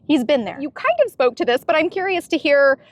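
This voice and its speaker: A woman's voice: sits high, lively intonation, fairly quick, dry recording. A woman reading an introduction and asking interview questions in an earnest, admiring way. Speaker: interviewer and narrator.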